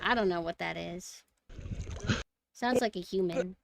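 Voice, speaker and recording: A woman streamer talking casually to her viewers, excitable and swearing freely. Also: lowish voice, measured pace, vocal fry, very noisy. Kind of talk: casual live-stream commentary. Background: game music.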